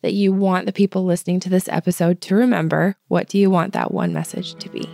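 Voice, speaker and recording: A woman's voice: fairly low pitch, fairly even intonation, fast, vocal fry. A woman hosting a podcast interview, affirming her guest and asking open questions. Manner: warm, affirming, lots of agreeing. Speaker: podcast host. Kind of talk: casual interview.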